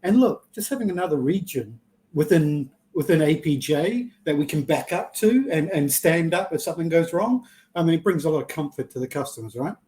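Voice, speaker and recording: A man hosting a relaxed tech chat, with lots of "uh" fillers and a friendly "mate". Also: a little high, a little fast. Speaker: host, cloud solution architect.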